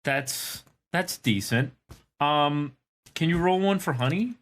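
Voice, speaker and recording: A game master narrating a tabletop game in an unhurried, casual way. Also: medium pitch, expressive.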